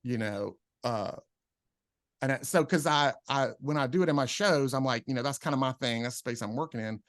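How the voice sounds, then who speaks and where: Fairly quick and mid-range, this male comedian guest acts out quoted people while spinning animated stories in casual podcast chat. It's recorded cleanly in a studio with no room sound.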